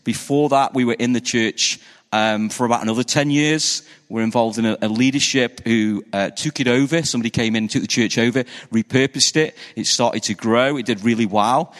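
Talking fairly quickly in a mid-range voice, this middle-aged man from Stoke-on-Trent, England, is a pastor addressing a live conference audience, and the recording has a long reverb tail. He keeps it chatty and self-deprecating, with plenty of "um"s and false starts.

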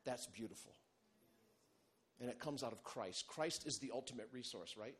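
A male pastor preaching a sermon, animated and humorous, moving between loud bursts and quiet, low asides. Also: moderate pace. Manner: animated, humorous preaching with big swings in loudness.

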